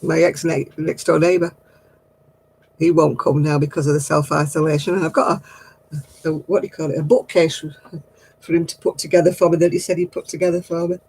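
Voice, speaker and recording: A husky-voiced woman in her fifties hosts a relaxed craft stream. She chats freely with her viewers, full of laughs and homely exclamations. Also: low voice, a little fast, rough recording. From northern England. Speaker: craft livestream host. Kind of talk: casual chat with viewers.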